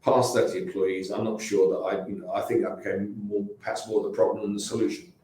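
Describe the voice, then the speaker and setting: A man's voice: fairly low pitch, flat delivery, fast, dark tone. A man in his sixties with an English accent, a company founder telling rambling anecdotes in a casual interview, with restarts and asides. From England. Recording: very echoey room.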